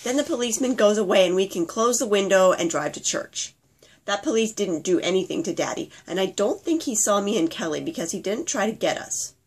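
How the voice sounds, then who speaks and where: A woman's voice: mid-range voice, animated, a little fast, slightly rough. A woman reading her own childhood memoir aloud, telling it simply and earnestly in the voice of her five-year-old self. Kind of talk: memoir reading told in a child's present-tense voice.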